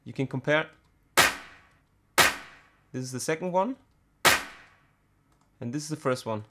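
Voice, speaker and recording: A man teaching a music production tutorial, talking in a halting way with many fillers and restarts. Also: a little high, very noisy. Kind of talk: screen-recorded software tutorial.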